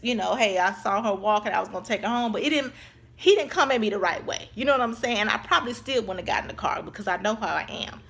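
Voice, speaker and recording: A woman telling a casual storytime vlog. She tells it in an animated way, acts out the voices of other people and keeps calling her viewers y'all. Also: on the high side. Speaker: vlogger.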